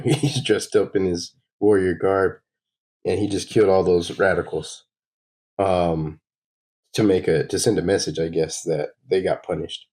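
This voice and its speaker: A man with a very low voice chats his way through a comic, guessing aloud at what each panel shows. He tosses in little sound effects as he goes. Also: fairly even intonation, unhurried, darkish tone, poor audio. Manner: musing, adds sound effects. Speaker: host reading comics. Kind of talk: casual comic read-along.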